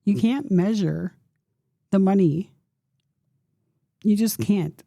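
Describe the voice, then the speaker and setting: A woman's voice: mid-range voice, takes it slowly, vocal fry, dark tone, no room sound, studio quality. A woman in her fifties hosting a solo podcast, talking in an earnest, open way and encouraging her listeners directly. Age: 50s. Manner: open and emotional, thinking aloud. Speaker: podcast host. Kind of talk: reflective solo podcast talk.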